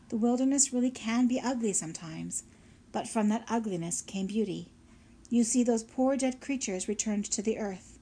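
A woman narrating a children's novel in a steady storytelling manner. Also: on the high side. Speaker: audiobook narrator. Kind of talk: scripted narration.

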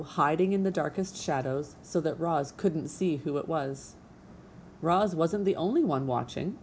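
Warm-voiced woman reading a storybook. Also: low-pitched, slight background noise. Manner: expressive and measured. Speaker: audiobook narrator. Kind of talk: storybook narration.

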